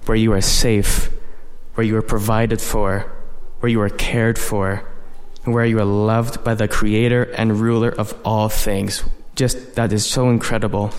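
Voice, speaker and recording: A man's voice: on the low side, long reverb tail. A man preaching a sermon, explaining scripture verse by verse in an earnest manner with frequent "you know".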